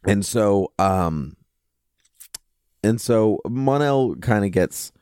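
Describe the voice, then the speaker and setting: A man's voice: on the low side, lively intonation, drawn-out words, warm tone, clear, resonant tone, no room sound. A man co-hosting a podcast, chatting casually through an episode recap with lots of ums and dry jokes. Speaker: podcast co-host.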